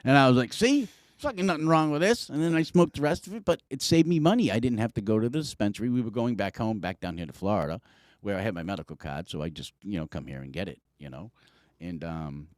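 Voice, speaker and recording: A middle-aged man, a podcast co-host, telling a long story in casual chat, profane and animated, acting out what people said. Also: lowish voice, quick pace, dry recording, studio quality. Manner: animated, profane, acts out quotes.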